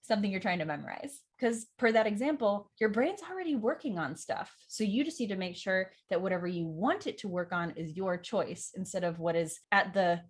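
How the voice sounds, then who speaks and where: A young woman hosting an acting channel, giving a chatty, animated tutorial and laughing often. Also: medium pitch, brisk, few pauses, slightly rough. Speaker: acting teacher and channel host. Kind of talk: upbeat tutorial talk to camera.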